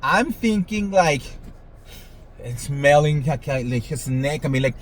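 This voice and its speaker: A man's voice: on the high side, lively intonation, slow pace, a little hiss or hum, rough recording. A man hosting a celebrity gossip show, talking casually in a sassy, dramatic way and swearing freely. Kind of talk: casual commentary monologue.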